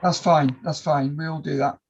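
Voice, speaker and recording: A man chairing a formal planning hearing over a video call, politely summarising submissions in a measured way with some hesitations. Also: a little high, fairly even intonation, lo-fi sound, a little hiss or hum. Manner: polite, measured, reads points aloud with hesitations.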